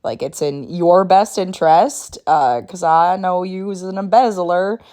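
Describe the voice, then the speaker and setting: A woman's voice: lowish voice, a little slow, mellow, lightly acted. A woman voicing a scheming, powerful older man who blackmails someone, with a clumsy put-on accent. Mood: threatening. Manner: put-on accent, self-admittedly poor.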